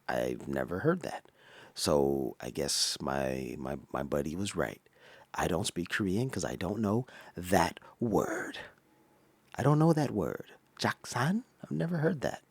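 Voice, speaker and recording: Low-voiced man explaining with lively pitch. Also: no echo. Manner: slow, explanatory, full of fillers and restarts. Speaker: reaction vlogger. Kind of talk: explaining commentary.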